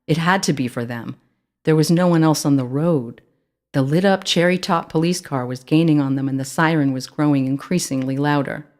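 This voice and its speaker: Low-voiced woman reading a children's book. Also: moderate pace, darkish tone. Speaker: author reading her book. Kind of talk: children's audiobook narration.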